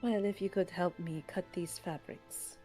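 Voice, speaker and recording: A woman voicing Montpellier, a calm seamstress absorbed in her sewing, speaking quietly and idly in character during a tabletop game. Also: fairly low pitch, a little slow, faint music behind, natural voice. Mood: idle, musing. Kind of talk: tabletop role-play in character.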